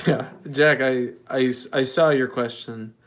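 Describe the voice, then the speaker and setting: A man hosting a casual livestream, answering chat questions with deadpan, mock-earnest rambling. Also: medium pitch, slow. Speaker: livestream host.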